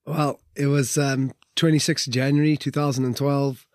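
A man's voice: mid-range voice, little pitch movement, normal speed, darkish tone, no echo, clean studio sound. A middle-aged Welsh man and former rugby player telling his story in a casual interview, chatty and full of fillers. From Wales. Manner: conversational, lots of fillers and "like".

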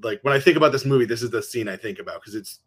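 A man's voice: medium pitch, racing, breathy edge. A man who is a guest director, talking about a film in a casual, earnest and reflective way. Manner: earnest, reflective, many "like" fillers. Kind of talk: casual movie discussion.

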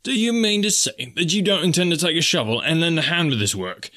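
A man voicing a surly, resentful rough sailor in a spoken story. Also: fairly high pitch, lively intonation, fairly quick, bright, forceful tone, pitched above the performer's own voice. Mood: defiant.

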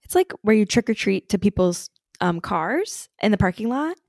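Young woman co-host, low and gravelly, dry close sound, laid-back chatty reads. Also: big pitch swings, moderate pace, a little mellow, no room sound. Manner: laid-back, swears casually. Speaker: podcast co-host. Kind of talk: casual chat, reading listener stories.

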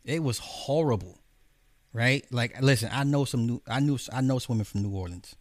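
A man's voice: mid-range voice, normal speed, no room sound. A man giving a casual, profane, rambling film rant, talking straight to his viewers. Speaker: streamer reviewing a film.

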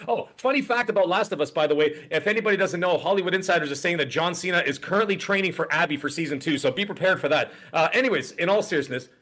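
High-pitched, slightly bright, and fast with few pauses, a middle-aged co-host rambles through a long story on a podcast. His casual chat is loaded with fillers and asides.

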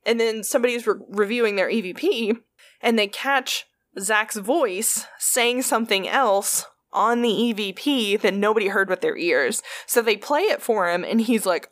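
A woman's voice: on the high side, normal speed. A woman casually telling stories as a podcast host, chatty and profane, full of fillers. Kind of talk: casual storytelling.

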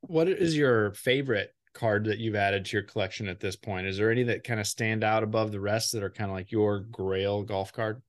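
A man's voice: on the low side, fairly even intonation, moderate pace, few pauses. A man hosting a casual interview, asking easygoing follow-up questions. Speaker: interview host.

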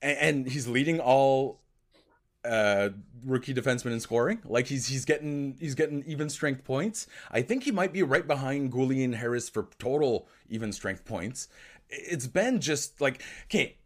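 A man whose first language is French, hosting a hockey podcast in casual chat, excitable with quick asides. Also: mid-range voice. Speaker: host.

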